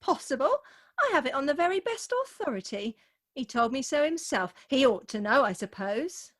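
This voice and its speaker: A woman's voice: high-pitched, sing-song, moderate pace. A woman playing a melodramatic young bride who wails over her wedding in a radio play. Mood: earnest. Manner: wailing, melodramatic. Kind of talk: Zoom radio play acting.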